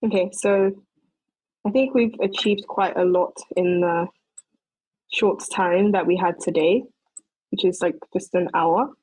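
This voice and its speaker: Young woman walking through 3d modeling, kinda breathy, dry close mic, chatty w lots of ums. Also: fairly low pitch, unhurried, pauses often, no echo, low-quality recording. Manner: relaxed, thinks aloud while working, loose fillers. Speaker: 3D modeling presenter. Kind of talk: casual screen-recorded tutorial.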